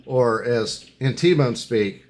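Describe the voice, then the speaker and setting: A man's voice: medium pitch, slow, a little mellow. A man hosting a headline quiz on a live talk show, joking and announcing in a playful way. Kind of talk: casual live show chat.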